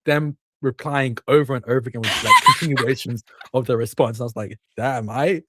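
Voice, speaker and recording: A man's voice: medium pitch, wildly swooping pitch, fairly quick, very noisy. A man co-hosting a casual chat, talking in a loose, rambling way. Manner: loose, rambling, many fillers and restarts. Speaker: podcast co-host.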